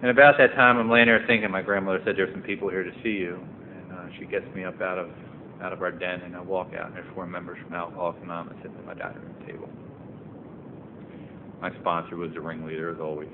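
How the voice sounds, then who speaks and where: A man's voice: low voice, level tone, fast talker. A man sharing his personal recovery story at a meeting, earnest and building to emphatic passages. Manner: earnest, rising to emphatic and impassioned. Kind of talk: personal testimony talk. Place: meeting room. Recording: tinny phone-like recording, faint noise.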